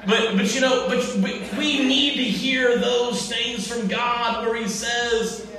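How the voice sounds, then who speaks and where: High, bright-voiced male pastor preaching. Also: fairly even intonation. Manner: deliberate preaching in short phrases, with repeats and restarts. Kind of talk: sermon. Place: church sanctuary. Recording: echoey church from far off.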